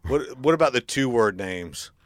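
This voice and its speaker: A man's voice: mid-range voice, animated, normal speed, dry recording, studio quality. A man co-hosting a podcast in casual chat, easygoing and chuckling along. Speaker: podcast co-host.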